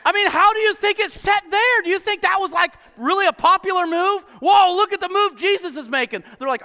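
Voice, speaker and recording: A man preaching a sermon as pastor, animated and exclaiming often to his congregation. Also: very high voice, fairly quick, few pauses. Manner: animated, exclaiming "huh?" and "come on". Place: church hall. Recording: long hall reverb.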